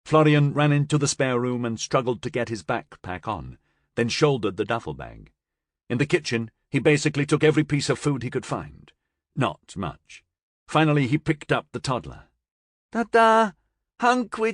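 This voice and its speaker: Here a male narrator gives a scripted audiobook reading with expressive storytelling. He speaks at medium pitch and normal speed, recorded dry and clean in a studio.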